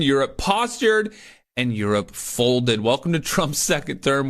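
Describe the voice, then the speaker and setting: A man's voice: medium pitch, fairly bright tone. A man narrating scripted political commentary in a punchy, emphatic way with folksy asides.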